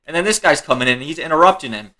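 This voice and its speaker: A man riffs through a comedic reaction commentary on online videos. His voice is bright and forward, and he jokes, laughs and swears casually as he tries to explain what is going on. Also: a little high, lively intonation, racing.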